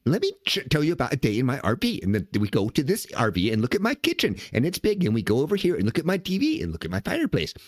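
A man's voice: mid-range voice, huge pitch swings, quick pace, hardly any pauses, no room sound, studio quality. An older man hosting a podcast, giving casual, rambling political commentary full of profanity. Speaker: podcast host.

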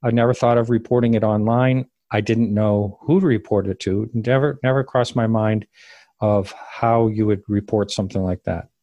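A man recounting a personal story as an interview guest, rambling and halting and often correcting himself. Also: on the low side, fairly even intonation, mellow, dry recording, dull audio. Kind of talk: casual spoken recollection.

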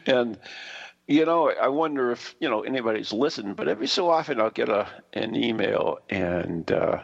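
A man's voice: medium pitch, animated, normal speed, muffled recording. A man hosting a radio show, chatting casually in a laid-back way. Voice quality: gravelly, husky.

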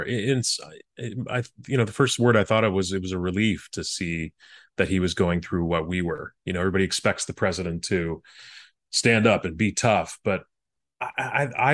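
Male guest, low-pitched, earnest and halting, recounting memories in a dry, close recording. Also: dry recording. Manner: earnest, halting with frequent restarts. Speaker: former presidential speechwriter. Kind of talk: reflective interview storytelling.

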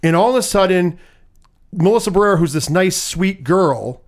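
Uomo dalla voce piuttosto alta. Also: male voice, high-pitched, moderate pace. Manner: animated retelling with frequent swearing. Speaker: podcast host. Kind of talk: casual film review chat.

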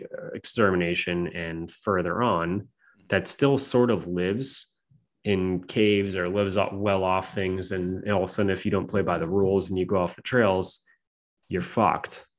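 A man telling spooky stories as a podcast guest, in a casual, rambling way full of fillers and swearing. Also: sits low. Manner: profane, rambling, filler-heavy. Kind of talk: casual storytelling chat.

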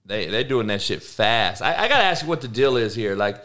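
A man's voice: lowish voice, big pitch swings, a little fast, fairly bright tone. Profane slangy podcast host man. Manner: profane, slangy, talks back to chat. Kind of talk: casual live-stream chat.

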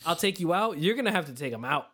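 A man in a casual chat, joining in playfully with quick reactions. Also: high-pitched, very animated, pushed and bright.

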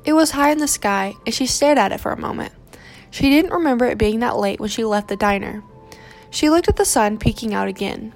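A woman reading a romance novel aloud in steady, measured narration. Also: fairly high pitch, soft background music.

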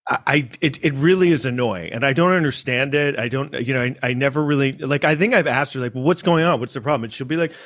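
A man's voice: medium pitch, fast, hardly any pauses, a bit bright. A man from New York City telling a personal story in a casual monologue, rambling with restarts and asides.

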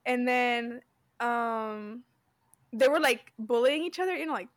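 A woman's voice: fairly high pitch, unhurried. A young woman co-hosting a podcast, rambling in casual chat and laughing often. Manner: rambling, laughs a lot, says "dude". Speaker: podcast co-host.

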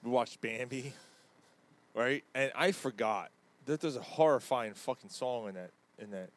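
A man's voice: mid-range voice, normal speed. A man in his thirties co-hosting a casual podcast, telling stories with lots of swearing. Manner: swearing, animated storytelling. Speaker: podcast co-host. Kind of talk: casual sports chat.

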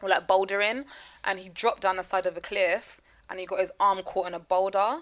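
A woman's voice: mid-range voice, steady tone, fairly quick, fairly bright tone. A woman co-hosting a podcast, chatting and teasing, then telling a true-crime story. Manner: chatty, teasing, swears casually. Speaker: podcast co-host.

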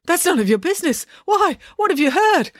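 A woman doing a shrill panicky dad. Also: very animated, a bit bright, no room sound, studio quality. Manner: shrill, trembling, rapid-fire. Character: panicky nervous father, middle-aged man.

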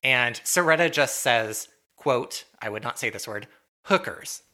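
A woman co-hosting a podcast, chatting casually as she recaps a TV episode, giggling and quoting the characters in quick asides. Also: rumbling low, sharp tone. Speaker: podcast co-host.

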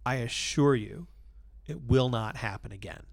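A man's voice: medium pitch, measured pace, vocal fry. A man doing a prim, polite talking parrot. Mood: contrite. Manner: formal, apologetic, calm.

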